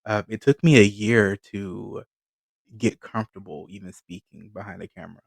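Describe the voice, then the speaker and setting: A man hosting a podcast, telling his story in a relaxed way and laughing often. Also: on the low side, moderate pace, vocal fry, dry recording. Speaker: podcast host. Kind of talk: casual conversational interview.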